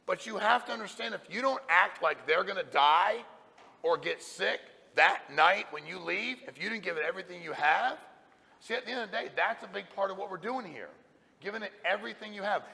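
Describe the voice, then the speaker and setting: Blunt, gravelly-voiced man preaching at a sales event. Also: high voice, expressive, a little fast, bright, forceful tone. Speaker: company president giving a sales training talk. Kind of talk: motivational speech to a live audience. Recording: reverberant hall sound.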